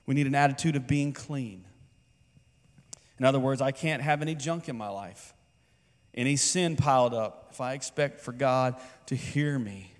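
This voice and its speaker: A man's voice: mid-range voice, moderate pace. A man preaching a sermon in a church, speaking conversationally and putting questions to the congregation. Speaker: pastor. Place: church sanctuary. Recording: long reverb of a large hall.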